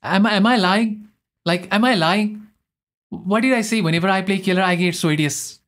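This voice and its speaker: A young man streaming a game live, chatting in a rambling, excitable way and often mocking his own mistakes. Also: high voice, normal speed. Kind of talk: live gameplay commentary.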